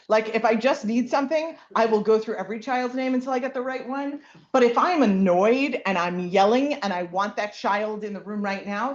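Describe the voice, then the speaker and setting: A woman and mother of young kids teaching a lively Torah class, often asking "right?" and acting out the lines she quotes. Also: on the high side, muffled recording. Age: adult parent with young kids. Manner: animated, keeps asking "right?", acts out quotes. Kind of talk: lively Bible class lecture.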